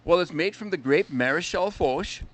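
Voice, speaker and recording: Older guy from minnesota, chatty winery owner, voice a bit high. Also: expressive, normal speed, fairly bright tone. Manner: chatty storyteller, sings a jokey song. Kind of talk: casual radio interview chat.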